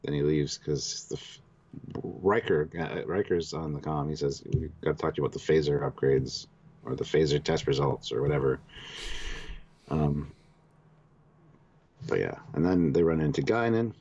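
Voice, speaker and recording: A man's voice: a bass voice, moderate pace, long pauses, darkish tone, breathy edge. A man co-hosting a review show, casually recapping scenes and reading viewer messages. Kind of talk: casual episode review chat. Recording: dull lo-fi sound.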